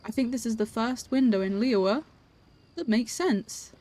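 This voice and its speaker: A woman's voice: a little high, a little mellow. A young woman streaming a game, chatting playfully with her viewers. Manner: playful, chatty, talks to viewers with quick laughs. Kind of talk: casual live-stream chat while playing.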